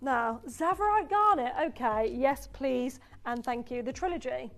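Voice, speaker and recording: High-voiced woman selling jewellery on live TV. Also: measured pace, fairly bright tone. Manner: enthusiastic, persuasive, reads out viewer messages. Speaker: shopping channel presenter. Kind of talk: live TV sales pitch.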